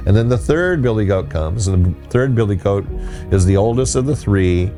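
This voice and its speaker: Low, mellow-voiced man rambling about folklore. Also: expressive, soft background music. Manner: rambling, halting, with many restarts. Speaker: host. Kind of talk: casual folklore talk.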